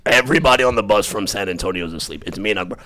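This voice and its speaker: A man's voice: on the low side, racing. A young man telling stories in a casual chat, cursing freely. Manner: animated storytelling, swears a lot. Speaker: storyteller in a group chat.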